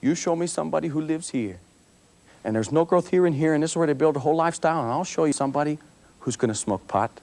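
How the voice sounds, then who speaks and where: High-voiced, animated storytelling police sergeant. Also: male voice, fast. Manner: animated storyteller, acting out scenes with humor. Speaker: police officer speaking to students. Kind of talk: motivational talk to a school audience. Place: school assembly.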